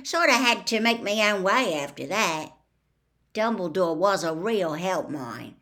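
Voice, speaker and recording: Woman doing a gruff, kindly giant groundskeeper. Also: mid-range voice, expressive, measured pace, a bit bright. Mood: wistful.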